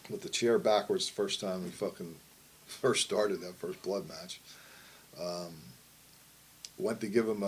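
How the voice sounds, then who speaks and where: A middle-aged man recounting old stories in a loose, rambling interview. His voice sits fairly low, and he swears freely, keeps checking in with "you know what I mean", and lets sentences trail off. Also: darkish tone, slight background noise, rough recording. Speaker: wrestling promoter. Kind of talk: casual storytelling interview.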